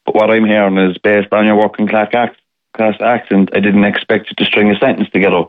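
Measured Cork man on a phone line. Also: on the low side, flat delivery, dry recording. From north side of Cork, Ireland. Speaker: podcaster guest.

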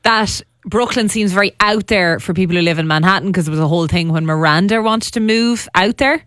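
A woman's voice: medium pitch, brisk, fairly bright tone, no echo, studio quality. A woman co-hosting a radio show, joking in a wry, good-humoured way. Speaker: radio co-host. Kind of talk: casual radio banter. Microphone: studio mic.

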